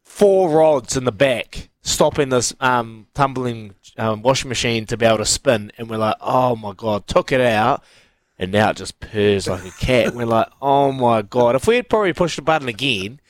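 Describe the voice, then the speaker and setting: A man's voice: mid-range voice, moderate pace, no echo. A man co-hosting a radio show, telling a story in casual chat and acting out the quotes. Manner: animated yarn-spinning with laughs and acted-out quotes. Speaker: radio co-host.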